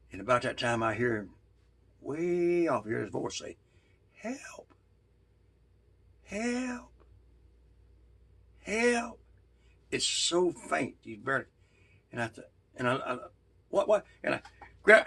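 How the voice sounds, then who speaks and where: A man telling a true story in a casual, folksy way, with halting restarts. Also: medium pitch, vocal fry, pushed and bright, breathy edge.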